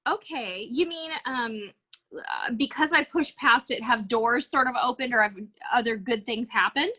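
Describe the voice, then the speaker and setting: A woman's voice: a little high, normal speed, pushed and bright. A middle-aged woman, a cruise vlogger, talking earnestly and reflectively as a guest in a podcast interview. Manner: earnest, reflective, self-aware.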